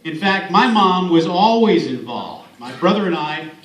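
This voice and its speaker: A high-pitched man from San Antonio tells stories at an event, with playful asides to the kids in the crowd. He is recorded from a distance in a roomy hall with faint ambience. His talk moves easily between memories and encouragement. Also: very animated, normal speed. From San Antonio, Texas. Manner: warm storytelling with playful asides. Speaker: speaker, former radio host and voice actor. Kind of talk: motivational speech.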